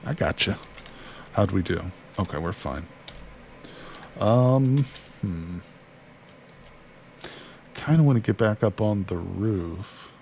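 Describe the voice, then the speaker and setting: Low-voiced man chatting through a game. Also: lively intonation, slow, creaky, pauses often, a little mellow, slight background noise. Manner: chatty, talks to himself and his character. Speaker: gaming streamer. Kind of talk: casual let's-play commentary.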